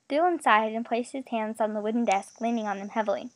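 A woman narrating a story aloud in an expressive, steady reading voice. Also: a little high, fairly quick, hardly any pauses, no room sound.

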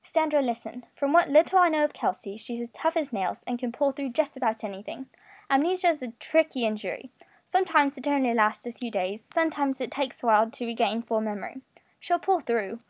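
A woman voicing a kind young man who talks softly and reassuringly to an injured friend. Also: high voice, animated, brisk, no echo. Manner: soft, reassuring. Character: gentle kindly young man, a caring friend.

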